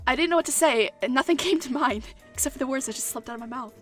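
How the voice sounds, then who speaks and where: A woman's voice: high-pitched, quick pace, soft background music. A young woman hosting a gaming channel who reads a visual novel aloud, giggling, swearing and joking between lines.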